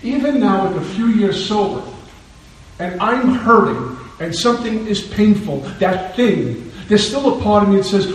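A man's voice: high-pitched, expressive, a little slow, noisy background. A middle-aged man giving an earnest personal testimony at a recovery meeting, telling his story with wry laughs. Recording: very echoey hall, distant mic.

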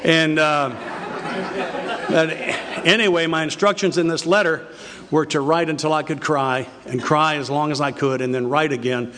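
An older man giving an earnest, confessional recovery talk, telling his story with halting restarts. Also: medium pitch, fairly bright tone. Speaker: recovery speaker. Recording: reverberant hall.

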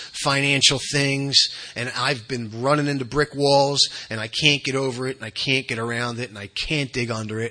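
A man giving a candid personal talk at a recovery workshop, blunt and conversational, dropping to soft asides and then pushing out emphatic bursts. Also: mid-range voice.

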